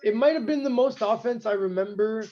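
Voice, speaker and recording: A man talks through wrestling history in a loose, rambling way, full of "um" and "like." His voice sits high for a man. The recording sounds a little dull and lo-fi. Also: fast, over a noisy crowd. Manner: rambling, filler-heavy, knowledgeable about wrestling history. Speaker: podcast co-host. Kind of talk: casual chat.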